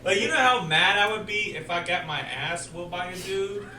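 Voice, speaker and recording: High-voiced man doing stand-up. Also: normal speed, background noise. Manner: animated storytelling, loud acted outbursts. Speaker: stand-up comedian. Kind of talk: stand-up comedy set. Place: comedy stage in a poker room. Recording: roomy live club sound from far off. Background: audience laughter.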